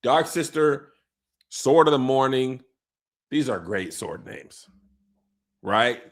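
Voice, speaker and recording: A man hosting a comedic recap of a TV episode, telling the story in animated slang and putting on playful voices for the characters. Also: mid-range voice, slow. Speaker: show recap host.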